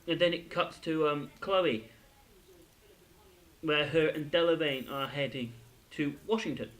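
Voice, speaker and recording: A young man hosting his own channel, giving an excitable, rambling review of a TV episode with many fillers and restarts. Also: on the high side, a little slow, rough recording. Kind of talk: casual spoken review.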